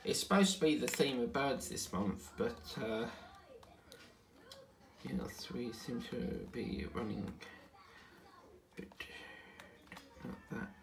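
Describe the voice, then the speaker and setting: A man's voice: mid-range voice, slow pace, vocal fry, long pauses, crowd noise. A tired man chatting casually at home while he crafts, rambling between topics and humming to himself. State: tired, yawning. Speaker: diamond painting channel host.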